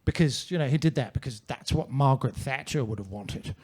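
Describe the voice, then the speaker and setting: A man's voice: mid-range voice, fairly quick, background noise. A male stand-up comedian performing in a comedy club with a mannered, theatrical, droll delivery into a handheld mic.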